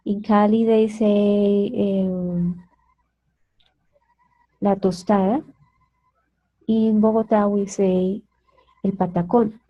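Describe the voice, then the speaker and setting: Slow-speaking Colombian woman teaching English. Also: mid-range voice, little pitch movement. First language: Spanish. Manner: slow, careful, repeats words for learners. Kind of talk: online English class. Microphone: video call. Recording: dull lo-fi video call audio.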